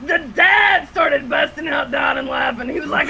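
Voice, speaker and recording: Woman, high voice, bright tone, loud animated storyteller, laughs often, video call guest. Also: moderate pace, hardly any pauses, a faint crowd, a little hiss or hum, rough recording. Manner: animated, loud, laughs through stories, swears. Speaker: haunted attraction actor, guest. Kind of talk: casual storytelling chat.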